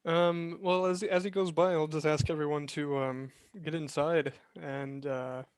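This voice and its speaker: A man's voice: a little high, little pitch movement, measured pace, clean tone, no echo. A man playing a tabletop role-playing game, talking hesitantly and stopping often to think. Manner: hesitant, with fillers. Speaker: player.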